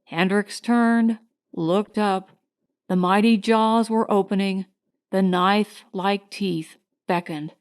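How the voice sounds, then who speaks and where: A woman narrating a science fiction short story in a steady, measured storytelling manner. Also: medium pitch, clean tone. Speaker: audiobook narrator. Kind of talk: scripted narration.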